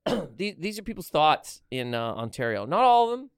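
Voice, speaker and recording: A man's voice: fairly high pitch, sing-song, normal speed, gravelly, clean tone, no room sound, clean studio sound. A man from Nova Scotia, a comedian guest, bantering on a podcast in a profane, defensive way with lots of laughing. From Nova Scotia, Canada.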